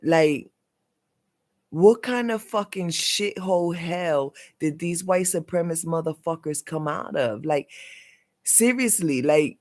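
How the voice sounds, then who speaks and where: Man, somewhat high voice, vlog rant, profane, repetitive, agitated, accusatory. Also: animated, slow. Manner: profane, repetitive, keeps tagging lines with "yo". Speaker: vlogger. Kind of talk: heated personal rant.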